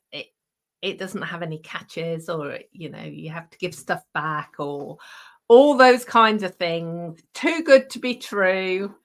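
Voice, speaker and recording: A woman's voice: mid-range voice, bright, forceful tone. A middle-aged woman hosting a casual live craft chat with viewers, chatty and laughing, with many ums and restarts. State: out of breath. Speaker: craft show host.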